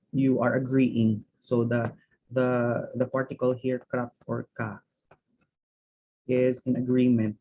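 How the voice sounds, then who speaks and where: A man's voice: medium pitch, flat delivery, measured pace, warm tone, slight background noise, poor audio. A man teaching a language lesson, explaining grammar step by step in a methodical way and repeating words as he thinks.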